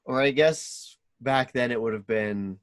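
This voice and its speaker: A man's voice: mid-range voice, dry recording. Podcast co-host, male, rambling recap voice, dry close recording. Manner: rambling, acts out scenes in quick voices. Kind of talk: casual chat recapping a movie.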